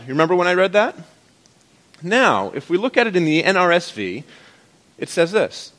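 A man's voice: high-pitched, animated, normal speed, fairly bright tone. A man as pastor, preaching to his congregation in a conversational, playful way. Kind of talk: sermon.

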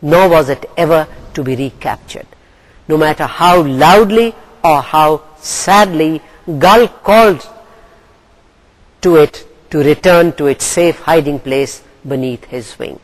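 Slow, expressive woman lecturer. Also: low voice, rough recording. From Pakistan. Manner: slow, deliberate, expressive reading. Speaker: English lecturer. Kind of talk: lecture with story reading.

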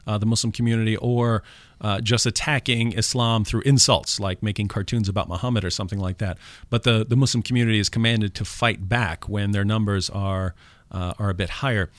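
On a call-in radio talk show, a male guest speaker with a lowish voice recites scripture in a raised tone. There is no room sound.

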